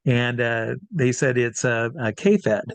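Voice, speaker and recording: A man who works as a drag performer and hypnotist tells a lively anecdote as an interview guest, acting out the quoted voices and swearing freely. His medium-pitched voice is slow, with no room sound, in casual interview storytelling.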